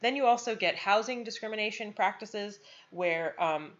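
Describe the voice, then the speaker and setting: A woman giving a college lecture, pausing often with frequent ums and restarts. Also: mid-range voice. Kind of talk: recorded lecture. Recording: dull lo-fi lecture recording.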